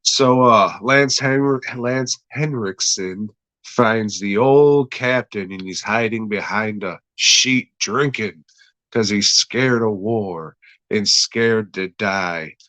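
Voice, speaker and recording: A man's voice: on the low side, slow pace, sharp tone, no room sound. A man casually recapping a horror episode, swearing freely, chuckling and correcting himself as he goes. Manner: profane, offhand, self-correcting, chuckling. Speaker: horror show reviewer.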